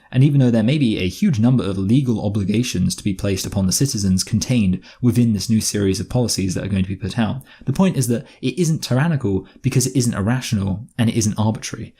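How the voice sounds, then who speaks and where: A man delivers scripted essay narration on the low side, with a dark, mellow tone. His voice carries a slight husky grain. He argues his points in a dry, sardonic way. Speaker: video essayist.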